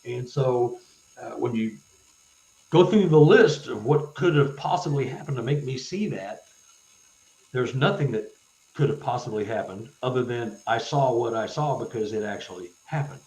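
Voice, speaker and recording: A man, a guest author on a live interview, telling personal stories with halting restarts and growing animation. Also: mid-range voice, echoey room, rough recording. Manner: halting, stuttered restarts, animated when retelling events. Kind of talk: casual storytelling in a live interview.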